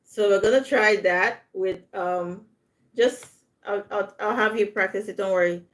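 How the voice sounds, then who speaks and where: A woman's voice: medium pitch, fairly even intonation, a little slow. A woman giving a live online English lesson, patiently modeling word stress and switching into French to explain. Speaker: English tutor.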